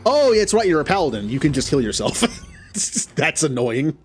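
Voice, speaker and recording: Man, gameplay commentary, excitable, yelps at setbacks, talks to the characters, faint music behind. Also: fairly high pitch, fast. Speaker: gaming channel host.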